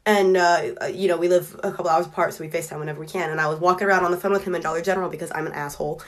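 A woman's voice: lowish voice, fairly even intonation. A woman casually telling a funny anecdote, chatty and acting out the quotes. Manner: chatty, quick, acts out quotes.

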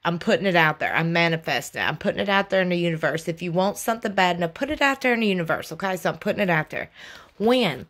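A woman chatting to her viewers from home, telling stories in an animated way and laughing often. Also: lowish voice, quick pace. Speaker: YouTube host. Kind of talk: casual chat to viewers.

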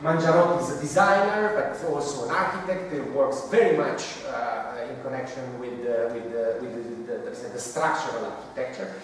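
Halting man lecturing in an echoey hall. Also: medium pitch, a little hiss or hum. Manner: halting, searching for words, many pauses. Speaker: architecture lecturer. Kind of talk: academic talk with slides. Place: large hall. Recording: echoey hall recorded from far off.

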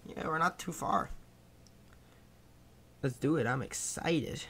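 A man's voice: mid-range voice, slow pace, pauses often, fairly bright tone, slight background noise. Young man chatting over gameplay. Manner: chatty, jokey and self-mocking. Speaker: let's player. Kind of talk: casual gameplay commentary.

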